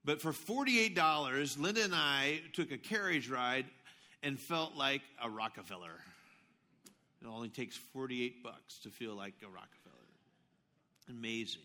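A middle-aged man preaching a sermon as pastor, telling stories with animated swings between hushed asides and loud outbursts. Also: medium pitch, normal speed.

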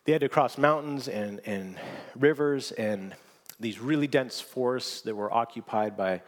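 A man preaching a sermon, telling stories with lively swings from near whispers to loud exclamations, often restarting his words. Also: mid-range voice, unhurried. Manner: animated storytelling, swinging from hushed to shouting; frequent restarts and repeated words. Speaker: pastor.

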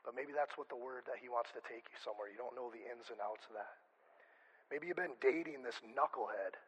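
Husky, chatty preaching man. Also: medium pitch, a little fast, fairly bright tone, low-quality recording. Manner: chatty, self-interrupting, joking asides. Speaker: pastor. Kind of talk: conversational sermon.

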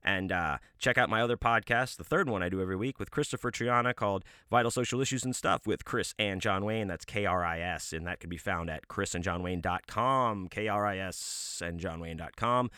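A man hosting his own podcast, telling a comic story in a deadpan, mock-serious way and drawing out words for emphasis. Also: sits low, brisk, few pauses, clear, resonant tone, no room sound, clean studio sound. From United States. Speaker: podcast host.

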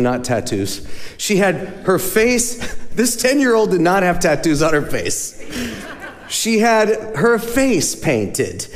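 A man speaking as a charity's guest speaker, telling stories in a lively sermon style and acting out the voices of the people he quotes. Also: a little high. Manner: animated storyteller, acts out quoted voices. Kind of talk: storytelling sermon talk. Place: church sanctuary. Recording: long hall reverb.

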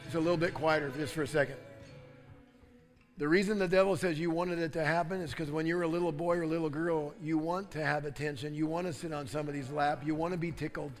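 A man preaching a sermon and leading prayer, fervent and declaring, building to loud repeated proclamations. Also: fairly high pitch, fairly even intonation, fast talker. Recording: long hall reverb with soft guitar music.

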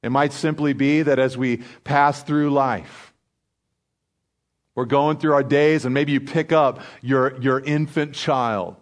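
A man preaching a sermon in an earnest, conversational way, slowing down and dropping to a near hush on his key lines. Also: mid-range voice, steady tone. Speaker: pastor.

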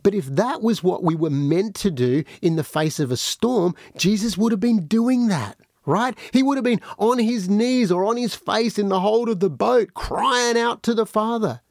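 A man's voice: high voice, normal speed, creaky, few pauses, no echo, studio quality. A man preaching a podcast sermon, addressing listeners directly and acting out the voices he quotes. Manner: animated, acts out quoted voices.

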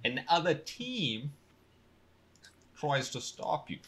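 Slow, hesitant young man. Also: on the high side, very animated, a bit bright. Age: 20s. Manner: halting, hesitant explaining. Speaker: streamer co-host. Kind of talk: casual group chat.

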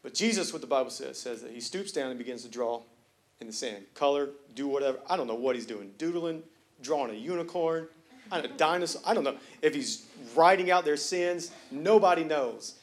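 High-voiced preacher, chatty and emphatic. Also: male voice, a little fast. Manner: conversational, joking, builds to loud emphatic preaching. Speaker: pastor. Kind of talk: sermon. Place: church sanctuary.

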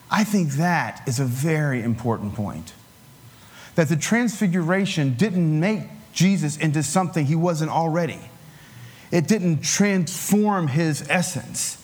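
A man preaching a sermon in a relaxed, conversational way, with filler words and light chuckles. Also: a little high.

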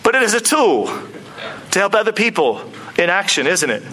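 A man preaching a sermon in an animated, conversational way, often acting out quoted speech. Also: high-pitched, normal speed, rough recording. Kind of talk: expository sermon.

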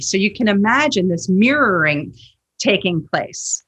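A woman's voice: mid-range voice, lively intonation, measured pace, fairly bright tone, slightly rough. A woman who teaches yoga, a podcast guest telling earnest stories and acting out the dialogue in them. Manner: earnest storytelling, acts out quoted dialogue. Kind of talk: podcast interview.

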